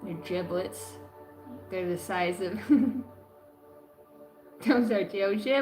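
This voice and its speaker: A woman's voice: medium pitch, drawn-out words, long pauses, darkish tone, roomy sound, faint music behind, poor audio. A woman giving a zodiac card reading on a livestream, cursing a lot and rambling from joke to joke. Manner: profane, rambling and jokey. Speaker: astrology card reader.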